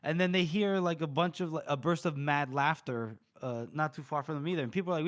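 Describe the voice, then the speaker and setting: Smooth-voiced man recapping a story. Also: a little high, a bit bright. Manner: rambling retelling with quick voiced quotes and laughs. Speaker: podcast co-host. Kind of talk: casual book recap.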